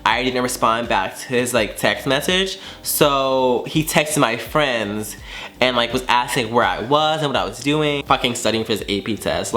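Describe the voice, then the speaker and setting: A young man tells a storytime vlog with a dramatic, profane delivery, his voice sitting at an average pitch for a man. Faint music plays underneath. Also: animated, brisk, pushed and bright. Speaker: vlogger.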